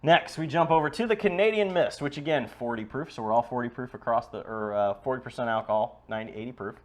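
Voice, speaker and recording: Man, podcast host, casual chat, jokey, frequent restarts, mid pitch. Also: fast talker. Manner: loose, joking, restarts often.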